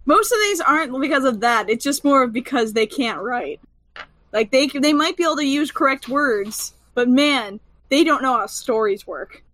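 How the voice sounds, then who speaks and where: A woman's voice: high-pitched, expressive, normal speed, fairly bright tone, no echo. A woman chatting playfully as a podcast co-host. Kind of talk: casual chat.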